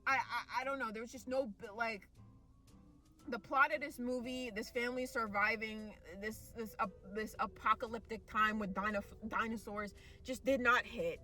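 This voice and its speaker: A young woman with a high, bright voice rants about a film in total disbelief, tripping over fillers and starting sentences again. She slips into mocking, overdone voices for the characters. Faint music plays underneath. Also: steady tone, normal speed. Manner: exasperated, rambling with many fillers and restarts. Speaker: vlogger ranting about a movie. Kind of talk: casual rant.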